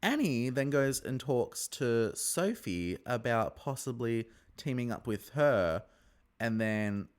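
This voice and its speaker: A man giving a casual, chatty episode review, acting out the contestants with sudden high-pitched squeals. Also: slow pace, smooth. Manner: chatty, animated, jumps into high squeals when excited. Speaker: reality TV recap host.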